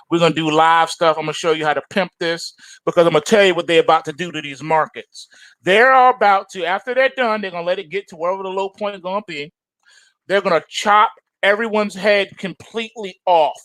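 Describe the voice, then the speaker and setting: A man's voice: sits high, no echo. A male trading show host giving emphatic, slangy market commentary to his viewers, insistent and repetitive. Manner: animated and insistent, repeats phrases for emphasis; slangy, addresses viewers as folks.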